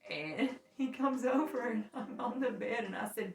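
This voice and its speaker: A woman's voice: fairly high pitch, lively intonation, unhurried. A young woman chatting candidly and laughing while telling stories, frank and full of profanity. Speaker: podcast co-host. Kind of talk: candid casual chat. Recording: echoey room with faint music.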